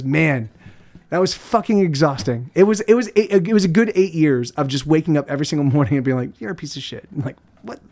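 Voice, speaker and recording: A man chatting casually on his livestream as a musician, rambling and swearing with many restarts. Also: on the high side. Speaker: musician streamer.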